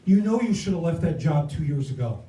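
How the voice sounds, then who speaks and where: Speaking a little fast in an animated voice on the high side with a dark tone, an older campaign guest speaker delivers a rousing stump speech indoors. He hammers his points with repetitive cadences. The mic is far off in an echoey room.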